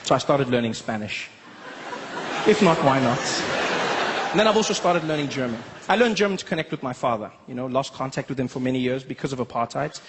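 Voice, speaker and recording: A man from South Africa performing a lively stand-up comedy set, telling stories and slipping into voices. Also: mid-range voice, a little fast, in a large hall, noisy background. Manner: animated, storytelling, lots of voices.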